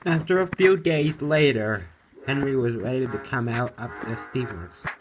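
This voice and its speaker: A man narrating a homemade toy-train story in a plain, unhurried way, over background music. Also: medium pitch, background noise.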